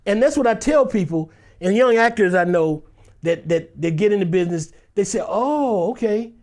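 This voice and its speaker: A man's voice: high-pitched, brisk, a little mellow. A middle-aged man, an actor, telling stories in an interview answer, laughing often and acting out the voices he quotes.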